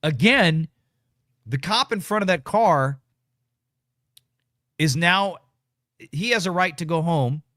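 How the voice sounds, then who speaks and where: A man's voice: fairly high pitch, expressive, takes it slowly, pauses often, a bit bright, no room sound, clean studio sound. A man hosts a casual political commentary livestream, blunt and ranting as he reads viewer comments. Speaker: show host reading super chats.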